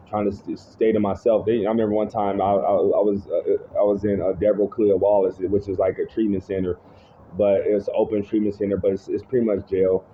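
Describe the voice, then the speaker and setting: A fairly low-voiced man speaks through tinny, phone-like audio with a faint hiss underneath. He tells his testimony casually and rambles, restarting his sentences and checking in with "you know what I'm saying". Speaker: speaker giving personal testimony.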